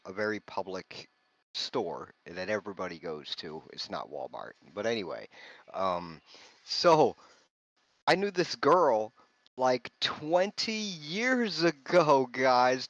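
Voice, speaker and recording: A man's voice: mid-range voice, a bit bright, no room sound. A man hosting a livestream, telling a rambling story in casual chat and calling his listeners man and bro. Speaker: livestream host. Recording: dull lo-fi sound.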